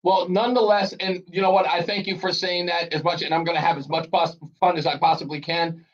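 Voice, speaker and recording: A middle-aged man hosting a call-in talk radio show, chatty and quick to laugh as he banters with callers. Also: a little high, level tone, dull audio. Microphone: studio broadcast mic.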